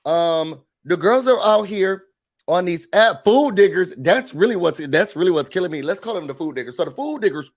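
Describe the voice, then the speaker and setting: A man with a slightly raised voice hosts a casual morning show from home. He chats and jokes loosely and acts out little scenes as he goes. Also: sits high. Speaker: host. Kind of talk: casual commentary on a video.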